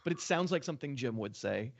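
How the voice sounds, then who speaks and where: A man's voice: medium pitch, fast, vocal fry, a little hiss or hum. A man co-hosting a sports podcast, talking casually and jokily, laughing often. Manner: animated, jokey, laughs often. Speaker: podcast co-host. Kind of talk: casual sports betting chat.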